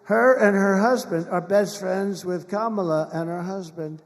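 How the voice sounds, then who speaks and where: A man's voice: high-pitched, measured pace. A man speaking as a political candidate in a rambling, boastful and mocking campaign rally speech, with repetitive asides to the crowd. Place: large rally venue. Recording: long reverb of a big rally hall.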